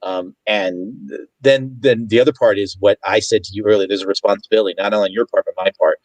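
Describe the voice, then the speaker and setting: A man talking as a guest in a casual online chat, earnest and measured in his manner. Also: on the low side, fairly even intonation, no room sound, low-quality recording. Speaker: guest, real estate agent.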